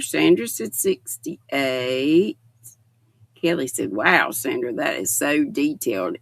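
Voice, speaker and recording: A woman's voice: extremely low pitch, creaky, no echo. A woman in her sixties hosting a casual livestream, chatting affectionately and reading viewer comments aloud. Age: 60s. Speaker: livestream host.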